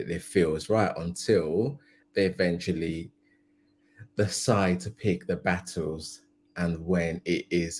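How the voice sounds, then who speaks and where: A man's voice: low-pitched, darkish tone, a little hiss or hum. A man hosting a reaction video, laughing often and musing aloud about what he just watched. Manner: laughs often, muses slowly with restarts. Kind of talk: casual reaction commentary.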